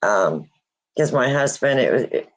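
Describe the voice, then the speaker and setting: A woman hosting a casual livestream, grieving and near tears, speaking haltingly with many pauses and restarts. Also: rumbling low, big pitch swings, low-quality recording. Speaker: host of a paranormal channel.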